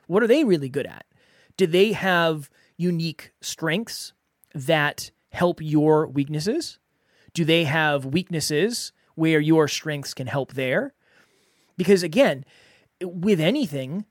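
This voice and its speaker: A man's voice: fairly high pitch, no echo. Earnest male podcast host, dry sound. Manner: earnest, conversational, repeats for emphasis. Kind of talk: solo podcast advice talk.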